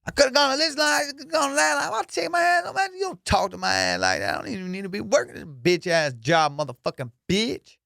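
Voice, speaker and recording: A man voicing a furious male security guard who yells in a high, strained voice. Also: sing-song, brisk, creaky, few pauses, no room sound, clean studio sound, full character voice.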